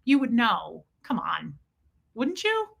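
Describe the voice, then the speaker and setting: A middle-aged woman on a casual live stream, telling a rambling, self-mocking story with deadpan jokes and reading out chat. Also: on the high side, takes it slowly, gravelly, slightly rough.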